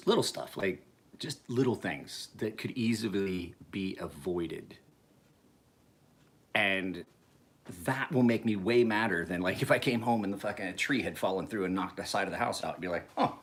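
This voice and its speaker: Man, forties, lowish voice; profane, laughing vlog storyteller. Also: normal speed, a bit bright. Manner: profane, chuckling, rambling storyteller. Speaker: knife sharpener vlogger. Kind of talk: casual rambling monologue.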